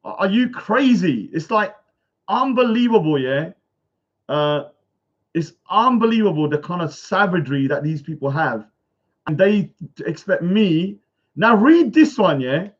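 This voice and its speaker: A man's voice: high-pitched, big pitch swings, a little slow, highs cut off. A man ranting on a livestream, reading out comments and rebutting them with indignation. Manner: indignant, reads comments aloud then rebuts. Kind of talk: casual livestream rant.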